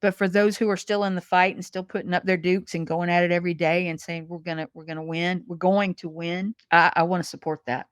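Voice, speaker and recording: A woman's voice: fairly low pitch, level tone, fairly quick, few pauses, smooth, no room sound, studio quality. A woman speaking as a podcast guest, earnest and emotional, often repeating words. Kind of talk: heartfelt interview conversation.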